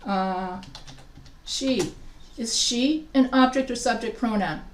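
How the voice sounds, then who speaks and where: A woman's voice: fairly high pitch, takes it slowly, slight background noise. A woman instructor giving a live grammar lesson, explaining step by step and quizzing her students. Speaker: writing instructor. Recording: echoey classroom from a distance.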